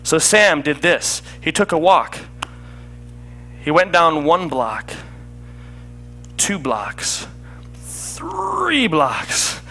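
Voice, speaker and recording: A comedy magician telling a joking story as patter for a card trick, chatty and laughing at himself. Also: male voice, fairly high pitch, expressive, slow, long pauses, bright, forceful tone, faint music behind.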